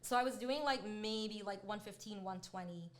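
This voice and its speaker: A woman in her thirties, a podcast co-host, telling a story in a chatty, animated way, full of "like" fillers. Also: mid-range voice, normal speed. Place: restaurant.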